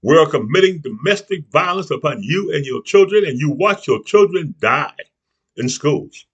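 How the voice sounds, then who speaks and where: A man's voice: on the high side, animated, normal speed, husky, muffled recording. A man giving an impassioned political rant to camera as a YouTube commentator, preachy and name-calling, who keeps tossing in "huh?" and "you see what I'm saying".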